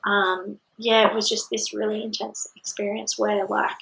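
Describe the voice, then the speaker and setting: A young woman telling her birth story on a podcast in a lively, fast, filler-heavy way. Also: mid-range voice, gravelly, poor audio. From Australia. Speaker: podcast guest. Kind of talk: casual storytelling.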